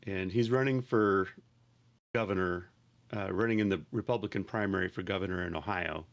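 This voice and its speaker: A man co-hosting a casual podcast chat, talking hesitantly with many pauses. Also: sits low. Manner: hesitant, full of uh pauses and restarts. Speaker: podcast co-host.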